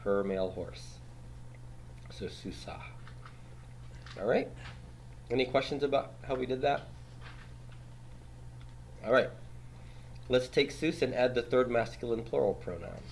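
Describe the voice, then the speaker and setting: A man's voice: mid-range voice, expressive, a little slow, vocal fry, pauses often, a little hiss or hum. A man teaching grammar in a classroom lecture, quizzing students and tagging his points with "right?". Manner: patient, steps through rules on a board.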